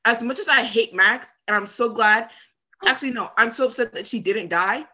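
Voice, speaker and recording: Woman on a podcast, bright forceful voice, over the top outrage. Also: fairly high pitch, moderate pace. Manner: dramatic, mock-outraged. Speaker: podcast guest. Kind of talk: casual chat.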